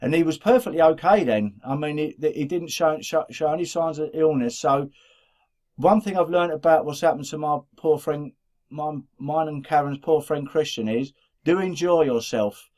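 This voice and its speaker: A middle-aged man with a Black Country accent talks through a casual podcast chat. His voice sits a touch high for a man. He rambles, repeating words and starting over as he goes. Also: moderate pace, darkish tone. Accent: Black Country English. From England. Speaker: podcast co-host.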